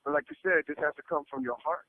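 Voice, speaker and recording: A man in casual chat, eager and agreeing, talking in quick bursts. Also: a little high, slight background noise. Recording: tinny phone-line sound.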